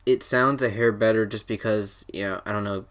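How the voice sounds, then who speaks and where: A man's voice: fairly low pitch, steady tone, fairly quick, a bit bright. A teenage boy hosting a casual podcast chat, rambling and joking with lots of fillers and restarts. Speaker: podcast host.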